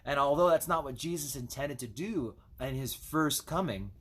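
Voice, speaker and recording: Husky pastor with a lively, swooping voice. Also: male voice, mid-range voice, moderate pace. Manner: conversational, chatty asides while reading scripture. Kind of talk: casual Bible devotional teaching.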